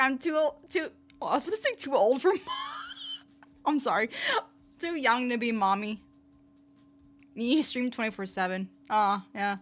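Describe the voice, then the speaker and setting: A young woman with a fairly low voice chatting casually on a livestream, playful and laughing often. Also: a bit bright. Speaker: streamer. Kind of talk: casual livestream chat reading comments.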